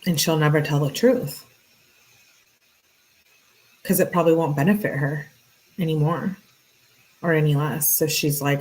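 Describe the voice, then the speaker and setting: A woman's voice: low voice, steady tone, measured pace, pauses often, darkish tone, rough recording. A woman reading text messages aloud and adding casual, exasperated comments while answering chat questions. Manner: exasperated asides between read messages. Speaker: true crime commentator.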